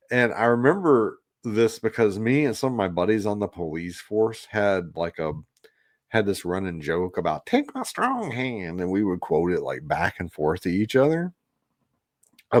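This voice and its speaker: Man, deep voice, casual rambling host, dead dry room. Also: dry recording. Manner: rambling, many fillers and restarts. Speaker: video host. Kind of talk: casual solo talk.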